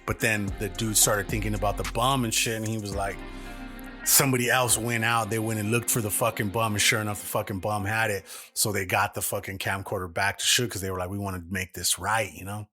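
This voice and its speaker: A man's voice: lowish voice, level tone, fairly quick, pushed and bright. A man co-hosting a podcast, casually retelling a long story with lots of swearing and fillers. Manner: profane, rambling retelling with many fillers. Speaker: podcast co-host. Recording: music playing behind.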